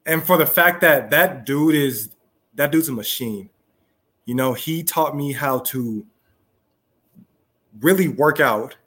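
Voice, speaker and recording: A young man, a professional football player, talking casually as a guest, softly and with many restarts. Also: on the high side, husky. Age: young adult. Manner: soft-spoken, halting with many restarts. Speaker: guest, pro football wide receiver. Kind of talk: casual interview talk.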